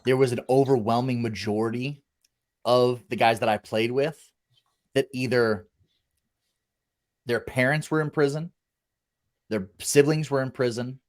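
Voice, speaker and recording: This podcast host is in his thirties and once walked on to a college football team. He speaks slowly and with long pauses in a steady, medium-pitched voice, cursing plenty, being blunt, and doing impressions of voices from his past.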